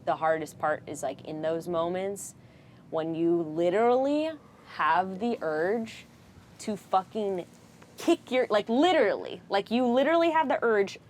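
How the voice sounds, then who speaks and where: A woman speaking as a podcast guest in casual, candid conversation, frank and animated with frequent swearing. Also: mid-range voice, a little slow, slight background noise.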